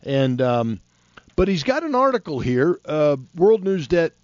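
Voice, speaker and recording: A preacher in his fifties delivers a heated, folksy sermon, his fairly high voice leaping and dropping with fervor. The recording is muffled and lo-fi, with no room echo. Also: big pitch swings, unhurried, darkish tone. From Florida. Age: 50s. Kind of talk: fiery sermon. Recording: dull, dry lo-fi recording.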